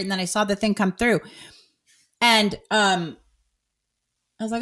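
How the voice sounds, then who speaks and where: A middle-aged woman hosting a podcast in casual chat, playful and talkative, dropping to low mutters and jumping to high exclamations. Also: expressive, a little fast, fairly bright tone. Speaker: podcast host.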